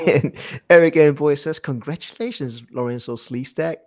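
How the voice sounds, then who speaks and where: A man's voice: fairly high pitch, unhurried, a little mellow. A man hosting a casual live stream, reading viewer comments aloud and laughing often. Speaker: host of a live art hangout.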